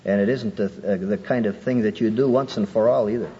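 A man preaching a sermon, lively and conversational, acting out people's excuses in a raised voice. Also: a little fast. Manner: animated, acts out quoted excuses in a higher voice. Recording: muffled old hall recording with faint noise.

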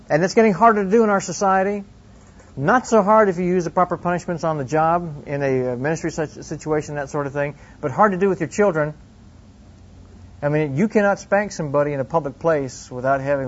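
A middle-aged man giving an earnest, plain-spoken Christian teaching talk full of family stories. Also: a little high. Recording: dull lo-fi recording.

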